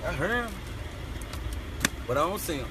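Young guy bragging into his phone outside, high voice, cars and street noise behind him. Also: sing-song, normal speed. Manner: boastful trash talk, repeats short phrases over and over. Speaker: rapper posting social media clips. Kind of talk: casual phone video chatter. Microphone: phone camera.

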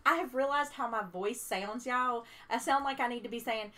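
A woman's voice: fairly high pitch, moderate pace, few pauses, pushed and bright. A woman with a Southern US accent chatting casually while watching game pulls, humming suspense noises as she waits. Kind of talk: casual gaming chat.

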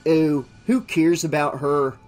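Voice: mid-range voice, slow pace, a little mellow, soft background music, lightly acted. A narrator voicing a vain, scheming teenage boy who talks in a smug, purring way. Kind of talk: audiobook dialogue.

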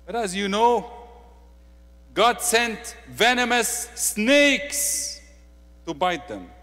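A man with an Egyptian accent preaching a sermon, swinging between quiet, intimate asides and loud, emphatic declarations. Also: high-pitched, sing-song, very slow, long reverb tail.

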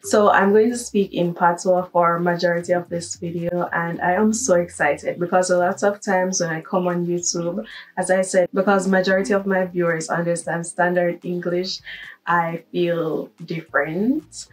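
A woman's voice: lowish voice, flat delivery, moderate pace, far from the mic, poor audio. A young woman with a Jamaican accent, chatting upbeat in a casual accent-tag vlog. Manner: chatty and upbeat, switching into patois. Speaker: vlogger.

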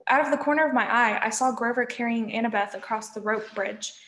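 A woman reads a chapter of a novel aloud, telling it lively in the first person. Her voice sits fairly high. The room around her carries a clear echo. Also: brisk. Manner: lively first-person narration, shouting quoted lines. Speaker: reader.

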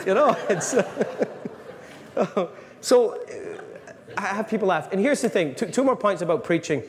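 Animated joking priest in a hall. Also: male voice, sits high. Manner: animated, joking, many restarts. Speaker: priest giving a talk. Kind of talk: lively talk to a live audience. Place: large hall. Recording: long reverb in a hall, faint room noise.

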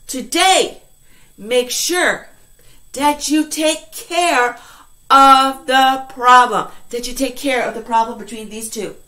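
A woman teacher giving an online class to English learners, speaking slowly and clearly in an encouraging way. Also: high voice, sharp tone. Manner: slow, clearly enunciated, encouraging.

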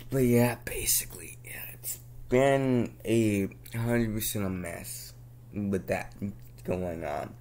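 A man's voice: on the low side, takes it slowly, slight background noise. Young man venting in a casual rant. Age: young adult. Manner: venting, frustrated, with sudden loud outbursts; slangy, repeats himself, laughs at his own jokes. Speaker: vlogger. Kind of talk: casual ranting monologue.

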